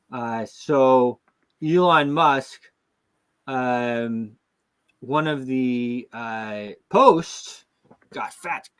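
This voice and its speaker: A medium-pitched, fairly bright male voice belongs to a middle-aged show host from the United States. His casual talk show chat is rambling and peppered with restarts and fillers.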